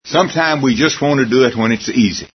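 Husky folksy male preacher. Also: medium pitch, fast talker, dull audio. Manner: folksy, emphatic, with wry asides and chuckles. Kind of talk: sermon.

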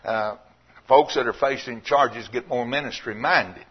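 A man preaching a sermon, telling folksy stories and rising to loud, emphatic points. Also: mid-range voice, a little slow, breathy edge, dull audio.

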